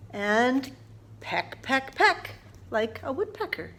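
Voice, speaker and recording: Woman children's librarian, high and slow, playful storytime reader who leads kids in actions. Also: lively intonation, fairly bright tone. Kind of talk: family storytime reading for young children.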